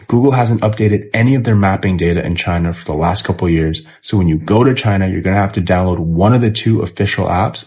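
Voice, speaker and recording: Man, lowish voice, brisk and polished, delivers a short tips segment. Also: a little mellow. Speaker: travel tips creator. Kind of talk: scripted tips video.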